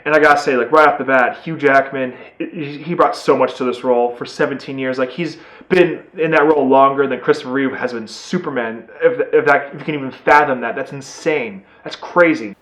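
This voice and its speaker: A man giving a casual, excitable movie review, rambling with lots of fillers. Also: medium pitch, a little fast, few pauses, roomy sound.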